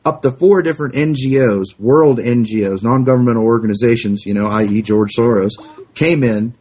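A man hosting a casual political chat, talking in an animated way with sarcastic jabs. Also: medium pitch, a little fast, husky.

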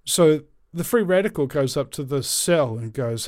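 A man giving an animated motivational monologue as a talk host. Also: on the high side, normal speed, hardly any pauses, no echo, studio quality. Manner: animated storyteller, emphatic.

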